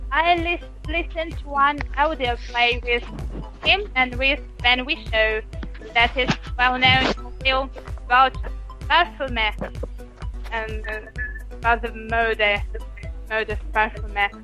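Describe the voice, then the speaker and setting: A woman's voice: on the high side, fairly even intonation, slow pace, pushed and bright, soft background music, rough recording. A woman taking part in an online English club, searching for words as she talks. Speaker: club participant. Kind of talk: casual chat as an English learner.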